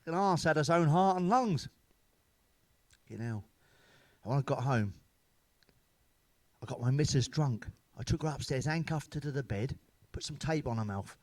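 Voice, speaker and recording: Crude, sweary British comedian. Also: male voice, on the high side, animated, moderate pace, pauses often, a little mellow, dry recording. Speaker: stand-up comedian. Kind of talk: deadpan joke-telling monologue.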